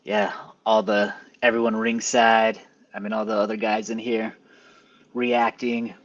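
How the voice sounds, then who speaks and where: A man who photographs events and does stand-up comedy, chatting casually and telling stories with lively energy. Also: on the low side, measured pace, no room sound, lo-fi sound. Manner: animated storyteller, jumps into quoted voices. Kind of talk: casual chat.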